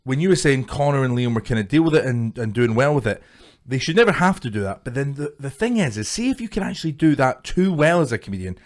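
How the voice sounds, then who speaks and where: Lively sweary young podcast man. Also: mid-range voice, fast talker. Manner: sweary, backs the other host up with lots of yeahs. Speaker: podcast co-host. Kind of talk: casual chat.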